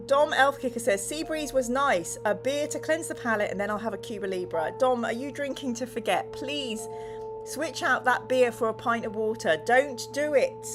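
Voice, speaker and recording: A woman hosting a livestream, reading viewers' chat messages aloud and narrating a gamebook in a bubbly, giggly way. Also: on the high side. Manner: giggly, laughs often, bubbly.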